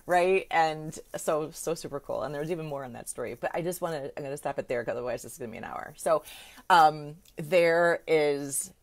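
This middle-aged manifestation coach speaks in a low voice at a fairly quick clip. She chats casually on a live video, laughing often and checking in with "right?"

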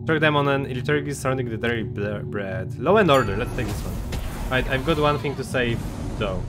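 A man streaming a game, chatting casually and excitably, reading chat and game text aloud. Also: mid-range voice, normal speed. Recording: game music playing under the voice.

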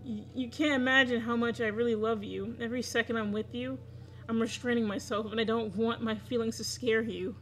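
A woman's voice: fairly high pitch, fairly even intonation, brisk, a bit bright, a little hiss or hum. A woman reading aloud the lines of an obsessive, clingy young man from a game, in her own everyday voice. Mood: earnest. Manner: reads game dialogue aloud plainly.

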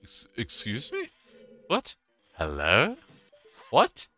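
A man's voice: medium pitch, huge pitch swings, very slow, sharp tone, faint music behind. A man giving casual commentary while playing a video game, joking, rambling and swearing at what happens on screen. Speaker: let's play gamer.

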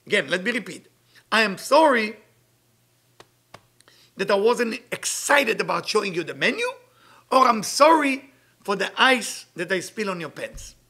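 A middle-aged man giving an inspirational weekly sermon as a spiritual teacher, emphatic and animated, swinging between loud bursts and soft asides. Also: sits high, a little slow, long pauses, husky.

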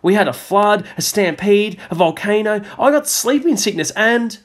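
A man voicing an eager, excitable young boy in a storybook. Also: high-pitched, normal speed, voice pushed up. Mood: excited.

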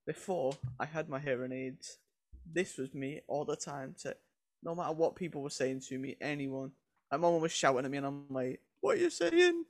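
A man's voice: medium pitch, fairly even intonation, moderate pace, no room sound, clean studio sound. A young man, co-hosting a podcast in blunt, jokey, sweary casual chat. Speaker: co-host.

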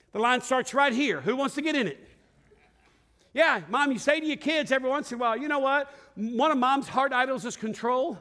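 A middle-aged male pastor preaching a sermon to a congregation in a church, telling stories with acted-out voices and asking the room to respond. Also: extremely high pitch. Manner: lively storytelling preacher, acts out voices and shouts. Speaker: lead pastor. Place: church sanctuary before a congregation.

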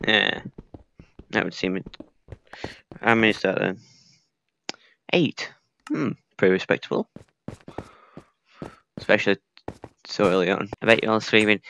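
A man's voice: on the low side, moderate pace, creaky, pauses often, a bit bright, highs cut off, slight background noise. A young man casually commenting while playing a survival game, muttering to himself with mild swearing. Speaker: gaming video creator. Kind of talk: casual let's-play commentary.

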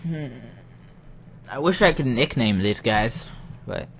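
A man's voice: mid-range voice, animated, slow, a bit bright, a little hiss or hum. A young man muttering to himself as he comments casually on his game, getting easily frustrated. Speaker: gaming channel host.

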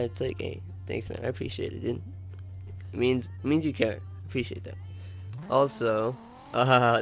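A young man with a cold, casually commentating a racing game and cursing at his rivals and his phone. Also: mid-range voice. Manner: swearing, animated outbursts at the game. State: sick, congested. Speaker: gaming YouTuber. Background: faint background music.

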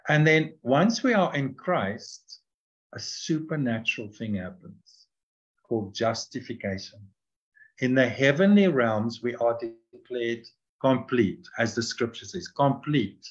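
A man's voice: mid-range voice, big pitch swings, unhurried, lo-fi sound. A man who is a guest teacher, explaining Christian ideas in conversation and illustrating them with stories. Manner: storytelling, with voiced quotes.

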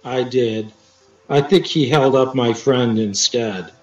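A man, a poet, telling stories as an interview guest in a halting way, with many restarts and dry teasing. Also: medium pitch, a little mellow. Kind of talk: casual storytelling interview. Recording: roomy, distant, dull sound with faint music.

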